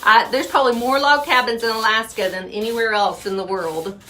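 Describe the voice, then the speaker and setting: A homesteading vlogger chats casually to the camera as she does chores outside by a chicken coop, laughing often while chickens and a rooster sound behind her. Her voice is a little high, bright and forceful, and she talks fairly quickly, with a slight hiss or hum on the audio.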